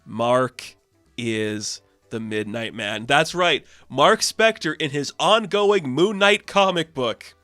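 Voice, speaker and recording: A man casually recapping a comic issue in a rambling, excitable way, filling his talk with "like". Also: mid-range voice, takes it slowly, no echo, faint music behind. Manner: rambling, heavy use of "like", excitable. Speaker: comic book reviewer.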